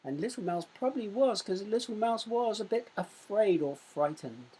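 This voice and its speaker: A woman teaching a recorded primary school lesson. She speaks clearly and raises her voice to show exclamations. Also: mid-range voice, expressive. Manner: slow, clear teaching voice that loudly acts out exclamations.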